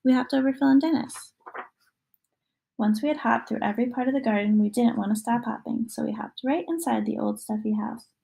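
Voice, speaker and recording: A woman reads a children's picture book aloud in a gentle, expressive way. Her voice is mellow and somewhat high, with a gravelly, husky texture. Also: fairly quick, poor audio. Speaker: reader.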